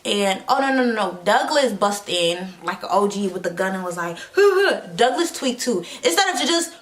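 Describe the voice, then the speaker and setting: Woman vlogger, casual comedy recap, slangy and rambling, mid pitch. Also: animated, a little fast, fairly bright tone, slight background noise. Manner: slangy, rambling, with sound effects and fillers.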